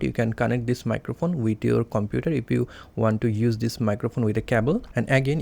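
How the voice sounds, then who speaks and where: A man's voice: medium pitch, creaky, a little mellow. A man explaining a device step by step in a plain, careful way, with small grammar slips, recorded close on a desk mic indoors. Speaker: tech reviewer. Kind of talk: product review demonstration. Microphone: desk condenser mic, close up.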